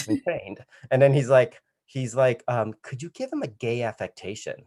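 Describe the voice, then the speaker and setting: A man telling a comic anecdote on a virtual show, animated, acting out voices and laughing as he goes. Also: mid-range voice, measured pace. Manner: animated, acts out voices and laughs mid-story. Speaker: comedian guest. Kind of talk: storytelling anecdote. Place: home video call.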